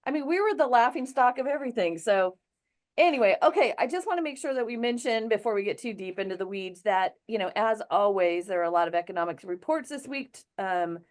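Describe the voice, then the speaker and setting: A woman's voice: fairly high pitch, expressive, a little fast. Chatty middle-aged woman hosting. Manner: chatty, laughs easily. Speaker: show host. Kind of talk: casual chat.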